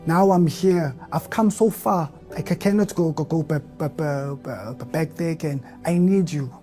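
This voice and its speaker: Man, heavy stutter, earnest church testimony, mellow dark voice, soft music underneath. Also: fairly high pitch, moderate pace. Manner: heavy stutter with repeated syllables; earnest, emotional, rising to fervent outbursts. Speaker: church member giving testimony. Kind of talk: personal testimony.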